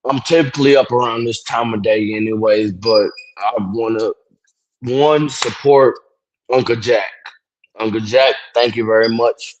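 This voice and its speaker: A man's voice: medium pitch, normal speed, dry recording, highs cut off. A sleepy young man chatting live on a phone stream, yawning, rambling and apologizing, loose and profane. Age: young adult. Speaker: livestreamer. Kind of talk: casual live-stream chat.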